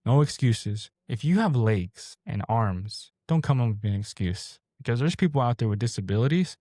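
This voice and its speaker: A man's voice: mid-range voice, lively intonation, normal speed, darkish tone, dry recording, studio quality. A man in his twenties hosting a podcast, delivering a blunt, straightforward motivational monologue into a camera mic. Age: 20s. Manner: blunt, straightforward, pep-talking. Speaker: podcast host.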